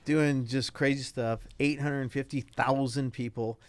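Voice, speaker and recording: An older man, a retired Navy pilot, telling animated stories as an interview guest and acting out the people he quotes. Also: medium pitch, measured pace. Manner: animated anecdotes, acts out quoted voices. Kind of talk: casual interview storytelling.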